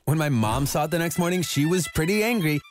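A man telling a scripted first-person story in an even, measured way. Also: fairly high pitch, soft background music. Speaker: narrator.

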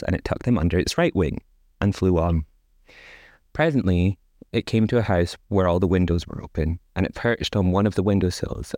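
A man's voice: low-pitched, a little mellow, no echo, studio quality. A man co-hosting a podcast, reading a fairy tale aloud with wry, casual asides. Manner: wry asides, frequent laughs, many "like"s. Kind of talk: casual read-aloud with commentary.

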